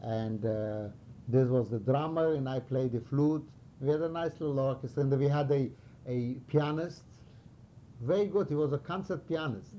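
Older man from Romania for an oral history interview: dark mellow voice, searches for words as he tells his stories. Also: mid-range voice, a little hiss or hum. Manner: halting, searching for words, animated storytelling. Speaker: interviewee recalling wartime past.

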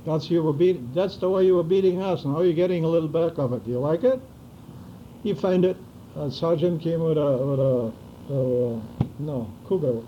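A man's voice: a little high, normal speed, highs cut off, slight background noise. An older man in an oral history interview, telling his memories vividly and acting out the dialogue. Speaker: interviewee recounting wartime memories.

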